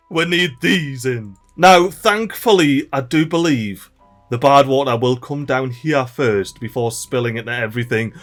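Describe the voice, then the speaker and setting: A young man commentating a strategy game, animated and frantic, often shouting at his in-game workers. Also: mid-range voice, a little slow, soft background music. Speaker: gameplay commentator. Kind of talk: let's play commentary.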